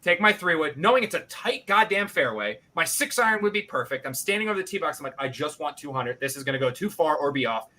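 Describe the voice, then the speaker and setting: A male podcast host telling a casual, animated story, swearing freely and acting out his own reactions. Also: a little high, quick pace, hardly any pauses.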